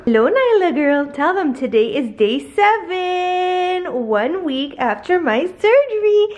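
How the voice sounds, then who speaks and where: A woman chatting casually in a home vlog about her puppy, slipping into high baby talk when she speaks to her dog. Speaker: vlogger, dog owner. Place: home living room. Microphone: handheld camera. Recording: roomy echo.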